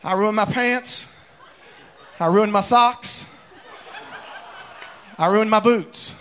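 A man's voice: sits high, takes it slowly, a little hiss or hum. A man, a pastor, preaching a humorous sermon full of folksy comic storytelling. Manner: folksy, animated, comic storytelling that bursts into shouts. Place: church sanctuary with congregation.

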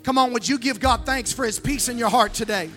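A woman pastor preaching a fervent sermon, calling on the crowd to answer back, with a sing-song, drawn-out phrasing. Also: fairly high pitch, fairly bright tone, faint music behind. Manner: emphatic preaching with call-and-response.

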